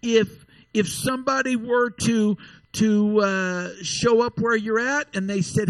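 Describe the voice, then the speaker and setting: A man's voice: sits high, steady tone, slow, dry recording, rough recording. A man preaching a sermon, telling folksy stories with frequent restarts. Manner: folksy storytelling with many restarts.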